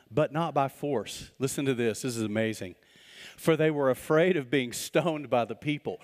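A male pastor preaching a lively, joking sermon and reading scripture aloud. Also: fairly high pitch, long reverb tail. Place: church sanctuary.

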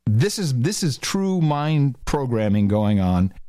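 A man's voice: very animated, takes it slowly, mellow, smooth, dry recording, studio quality. A man hosting a talk show, mocking played clips with sarcastic commentary. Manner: mocking, sarcastic, mimics voices with pitch jumps.

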